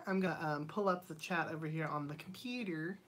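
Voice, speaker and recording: A woman's voice: low-pitched, fairly quick, a little hiss or hum. A woman hosting a livestream from her home studio, greeting viewers by name in a chatty way with lots of ums. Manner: chatty, reads viewer comments aloud; frequent ums and bright laughs. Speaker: channel host. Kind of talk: casual livestream chat.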